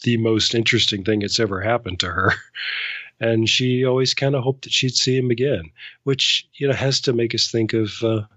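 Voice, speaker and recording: A man's voice: mid-range voice, fairly even intonation, normal speed, a bit bright, dry recording, highs cut off. A man co-hosting a casual discussion, enthusiastic and stammering at the start of his sentences. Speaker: podcast co-host.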